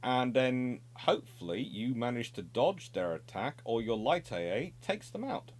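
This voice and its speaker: Lively-voiced male naval history presenter. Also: medium pitch, unhurried. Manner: discursive, self-correcting, wry asides. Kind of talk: unscripted explanatory monologue.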